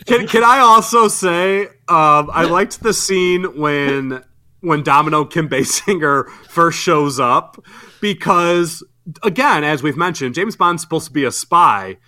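A man's voice: on the high side, a little slow, bright, forceful tone. A man co-hosting a casual movie review chat, ranting with profane incredulity about plot holes. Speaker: podcast co-host.

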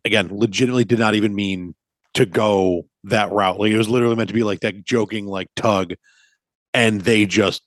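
A man in his thirties, a podcast co-host, chatting casually and telling animated, profane stories. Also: on the low side, no room sound.

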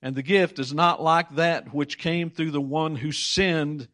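A man's voice: a little high, steady tone, measured pace, fairly bright tone. A man preaching a sermon, reading scripture aloud and repeating words for emphasis while he puts questions to his congregation.

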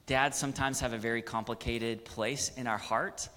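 A man's voice: mid-range voice, fairly even intonation, normal speed, sharp tone. Male pastor, 30s, sermon with swelling emphatic peaks, long hall reverb. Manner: preaching with rising, emphatic bursts.

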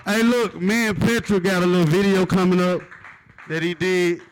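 A man, doing a profane stand-up set at an open mic and punching lines with loud outbursts. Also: sits high, steady tone, moderate pace, a little hiss or hum, poor audio. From Mississippi, USA. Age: 30s. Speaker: stand-up comedian. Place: open mic stage in a live venue.

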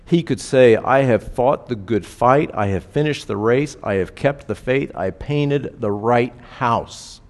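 A man's voice: mid-range voice, measured pace, few pauses. Man preaching a fervent sermon. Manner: swings between hushed reflection and rising fervent exhortation. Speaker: pastor. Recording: long hall reverb.

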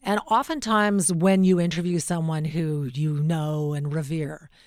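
A woman's voice: low-pitched, a little slow, dry recording, studio quality. A middle-aged woman, a radio host, telling stories in a casual interview and acting out the voices of the people in them. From Western Canada. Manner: animated, acts out quotes with shifting voices.

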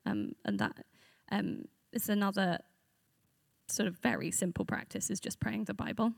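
A woman's voice: mid-range voice, big pitch swings, normal speed, creaky, dry recording, clean studio sound. A woman giving a conversational sermon to a church group, earnest and reflective, speaking off the cuff.

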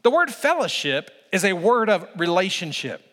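A man with a high, bright-pitched voice delivers an emphatic sermon as a pastor. He slows down and leans on key phrases, and his voice carries through a large church sanctuary with a long reverb tail. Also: very animated.

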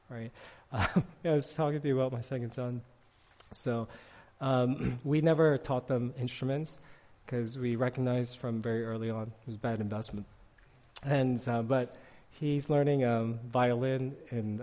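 A man's voice: mid-range voice, in a large hall. A middle-aged man preaching a sermon to a congregation in a church, talking in a conversational way and often checking in with "right?" while he tells stories. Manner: conversational, animated storytelling with frequent "right?" asides. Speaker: pastor. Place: church sanctuary.

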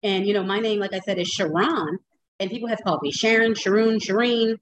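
A woman's voice: medium pitch, fast, lo-fi sound, a little hiss or hum. Chatty woman podcast host. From United States. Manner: chatty, laughs often, animated. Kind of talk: casual interview chat.

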